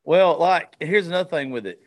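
A man's voice: a little high, animated, fairly quick. A male podcast host in casual, profane chat, often stumbling and restarting his sentences.

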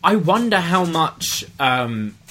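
A man's voice: on the high side, sing-song, pushed and bright. Enthusiastic young man in podcast banter. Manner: enthusiastic, quick-witted banter. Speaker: podcast co-host. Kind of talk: casual wrestling review chat.

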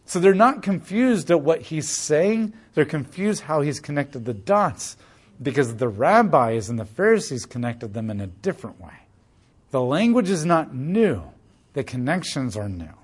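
A man's voice: a little high, big pitch swings, a little slow, slightly rough. A man teaching a casual Bible study, explaining passages conversationally with asides and frequent "like".

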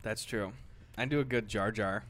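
A man's voice: on the low side, moderate pace, a bit bright. A man co-hosting a podcast from a living room, joking around and swearing in casual banter. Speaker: podcast co-host. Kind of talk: casual chat.

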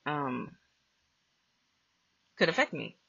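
A woman's voice: sits low, big pitch swings, very slow, gravelly, a bit bright, breathy edge, dry recording. A woman podcast host telling a personal ghost story in a blunt, profane, casual way. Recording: dull lo-fi dry recording.

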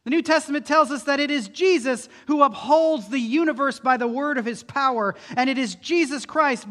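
A man's voice: very high-pitched, a bit bright. A man preaching an emphatic sermon as a pastor, using rhetorical questions. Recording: long hall reverb.

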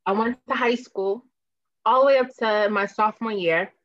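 A woman in her thirties from Boston, a podcast guest telling her story in casual chat, animated and laughing often, her throat a little hoarse. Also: medium pitch, normal speed, highs cut off. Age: 30s. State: slightly hoarse, clearing throat.

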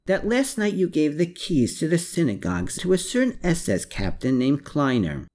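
A man's voice: fairly high pitch, big pitch swings, moderate pace, darkish tone, voice pushed up. A man reading an audiobook, voicing a male investigator who presses a suspect with pointed questions. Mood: probing. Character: persistent male police investigator.

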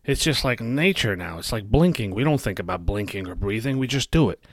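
A man's voice: on the low side, lively intonation, a little fast, dry recording, studio quality. A man hosting a solo podcast, ranting bluntly and emphatically with constant swearing. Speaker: podcast host. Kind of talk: profane solo podcast rant.

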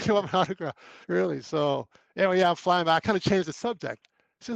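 A man's voice: high-pitched, normal speed, gravelly, dry recording, low-quality recording. A man, an actor guest, telling anecdotes in casual chat and acting out the quoted lines. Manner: animated storyteller who acts out quoted lines.

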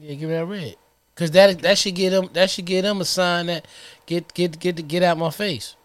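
Co-host, man, high and lively voice, slangy, dry close sound. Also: normal speed, dry recording. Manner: loose, laughing, slangy. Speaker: podcast co-host. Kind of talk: casual banter.

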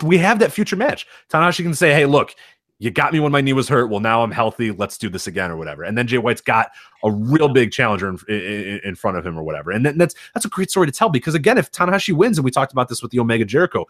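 A man co-hosting a podcast, talking fast in casual chat with many stammers and fillers. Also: medium pitch, a bit bright, dry recording, clean studio sound. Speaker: podcast co-host.

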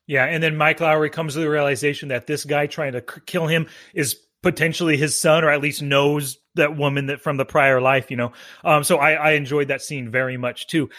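A man's voice: fairly high pitch, level tone, a little fast, sharp tone, dry recording, clean studio sound. A man casually discussing a film as co-host, easygoing and thoughtful, with fillers here and there. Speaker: movie review co-host. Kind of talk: casual movie review chat.

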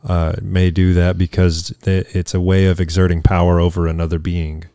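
A man's voice: low voice, little pitch movement, normal speed, dark tone, clear, resonant tone, no room sound, clean studio sound. A man on a podcast, making earnest points and teasing his friends. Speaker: podcast co-host. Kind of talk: casual discussion.

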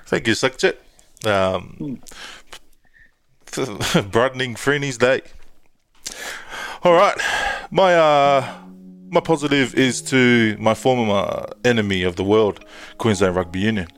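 A man's voice: mid-range voice, measured pace. Upbeat Australian man hosting a podcast. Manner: upbeat, steers the segments. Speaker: podcast host. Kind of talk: casual chat.

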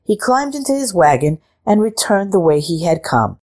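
A woman reading a picture book aloud in a slow, expressive storytelling manner. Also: medium pitch.

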